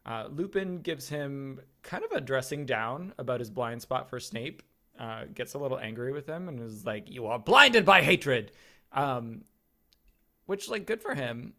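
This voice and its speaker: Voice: mid-range voice, lively intonation, unhurried. A podcast co-host in casual chat, sarcastic and profane, recapping scenes.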